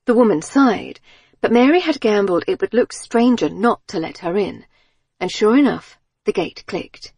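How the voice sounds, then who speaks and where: A woman narrating a novel in a calm, even storytelling manner. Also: medium pitch, normal speed, slightly rough, dry recording, clean studio sound. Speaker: audiobook narrator. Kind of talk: scripted narration.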